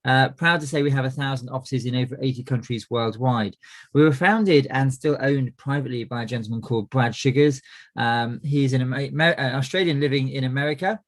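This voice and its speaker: A man's voice: mid-range voice, brisk. A middle-aged man hosting a business coaching webinar, friendly and full of "uh" fillers and restarts. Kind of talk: presenting a webinar.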